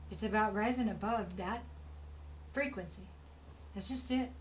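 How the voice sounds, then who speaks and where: A woman's voice: mid-range voice, a little slow, long pauses, slight background noise, low-quality recording. A woman giving a casual spoken tarot reading, chatty and rambling, with many asides to the listener and an encouraging tone. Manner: chatty, rambling, full of "you know" asides; encouraging, talks straight to the listener. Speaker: tarot reader.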